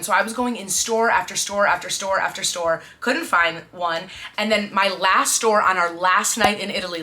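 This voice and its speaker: Bright, chatty young woman vlogger. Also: on the low side. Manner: chatty and excitable, many fillers and asides. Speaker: fashion vlogger. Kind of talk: casual chat to camera.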